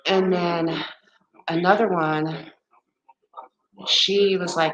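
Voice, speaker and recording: A woman in her forties or fifties chatting casually on a livestream, candid and blunt, swearing freely, talking straight to her viewers and acting out friends in high, exaggerated voices. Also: moderate pace, long pauses, fairly bright tone, poor audio. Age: 40s to 50s. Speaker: livestream host.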